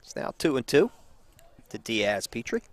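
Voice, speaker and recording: A man calling a college baseball game play by play from beside the field, easygoing and quick to laugh. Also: medium pitch, very animated. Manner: easygoing, laughs often with co-commentator. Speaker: play-by-play announcer. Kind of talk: live baseball commentary. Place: outdoors beside a ball field.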